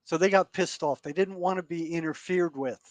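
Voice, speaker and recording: A man speaking as a podcast guest. He recounts past events in an earnest, halting way and often repeats words as he goes. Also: on the high side, no room sound. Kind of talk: storytelling in conversation.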